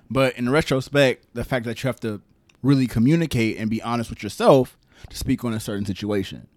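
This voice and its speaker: A man's voice: fairly quick, no room sound. A man co-hosting a casual podcast, joking crudely and talking about relationships. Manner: crude joking, swings high when teasing. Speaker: podcast co-host.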